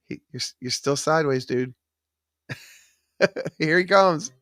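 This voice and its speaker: Man, host of a live trivia stream, gravelly voice, dry close studio sound, chatty with fillers. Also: fairly high pitch, slow, long pauses, a bit bright, dry recording. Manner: reads chat names aloud, many fillers. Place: home studio. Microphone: studio microphone.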